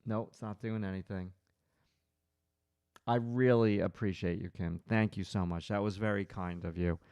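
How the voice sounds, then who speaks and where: A man with a low, gravelly voice teaches portrait drawing on a live stream. He thinks aloud as he works and answers viewers in the chat. The sound is close and dry. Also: steady tone, normal speed, a little mellow, dry recording. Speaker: art instructor hosting a live stream.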